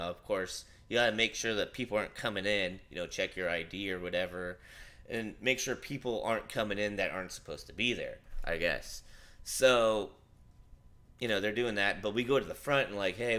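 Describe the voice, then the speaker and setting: A man with a bright, forward voice tells a rambling personal story on a livestream. He talks casually and animatedly, swearing along the way. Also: lowish voice. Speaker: livestream host.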